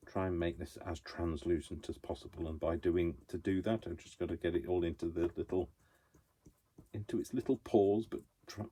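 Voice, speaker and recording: A man's voice: low voice, vocal fry, dark tone, husky. A man chatting while he crafts in his home craft room, rambling and poking fun at himself as he works. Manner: rambling, self-mocking, talks to himself while working. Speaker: craft vlogger.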